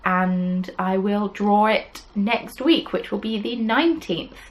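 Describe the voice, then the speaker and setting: A woman's voice: medium pitch, slow, low-quality recording. A young adult woman, hosting a crafting podcast in casual, self-deprecating chat full of ums. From England. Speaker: podcast host. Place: home desk.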